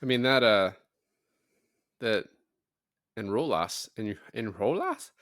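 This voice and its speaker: A man's voice: fairly low pitch, sing-song, slow, fairly bright tone, no room sound, clean studio sound. A man co-hosting a casual movie review podcast, loosely recapping the plot and joking about the characters. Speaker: podcast co-host.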